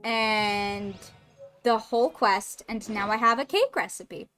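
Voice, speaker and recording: A woman's voice: medium pitch, slow pace, a bit bright, faint music behind. A woman streaming a game, chatting casually and goofily with her viewers, swearing and joking. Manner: goofy, swears, riffs with chat. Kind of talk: casual gameplay chat.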